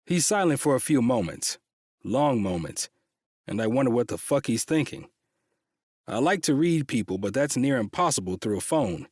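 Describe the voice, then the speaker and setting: A man's voice: medium pitch, big pitch swings, moderate pace, darkish tone, dry recording, clean studio sound. A man reading a first-person romance audiobook with a tense, frustrated delivery and frequent swearing. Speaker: audiobook narrator.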